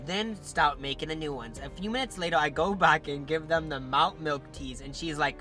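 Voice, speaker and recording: A young man hosting a casual chat, reading viewer stories aloud with giggly, animated storytelling and lots of fillers. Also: on the high side, normal speed, few pauses, soft background music. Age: young adult.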